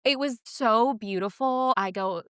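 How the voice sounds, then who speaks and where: A woman's voice: on the high side, unhurried, clear, resonant tone, dry recording, clean studio sound. A woman in her thirties co-hosting a podcast, telling family stories candidly and with feeling. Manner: candid, emotional storytelling with quoted voices. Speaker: podcast co-host. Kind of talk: casual chat.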